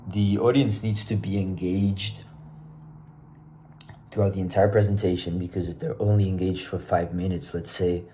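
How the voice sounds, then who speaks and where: A young man casually sharing presentation tips to his own camera, relaxed and self-deprecating. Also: deep voice, normal speed, a little hiss or hum. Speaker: presenter giving speaking tips. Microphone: self-recording camera.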